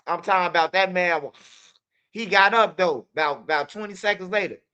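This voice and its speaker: A man hosting a news commentary stream, telling street stories in a loose, animated way. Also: high-pitched, brisk, smooth. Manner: animated, acts out fight sounds and quotes. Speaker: commentary channel host. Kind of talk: casual storytelling commentary. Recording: dull lo-fi audio.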